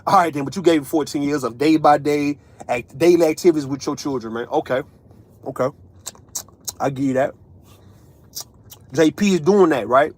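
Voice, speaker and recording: A man's voice: a little high, moderate pace, pauses often. A man, ranting casually as an online commentator, profane and emphatic, tagging lines with right and man. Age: 30s.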